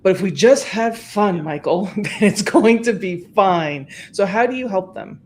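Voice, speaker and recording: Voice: medium pitch, expressive, unhurried, a little hiss or hum. A host of a livestream chat, asking long, winding questions in a casual way.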